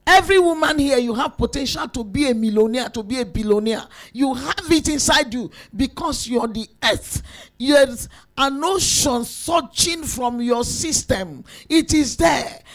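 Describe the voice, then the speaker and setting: A woman delivers a sermon to women in a high voice. She is emphatic and lively, swinging between soft asides and shouted peaks. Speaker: preacher.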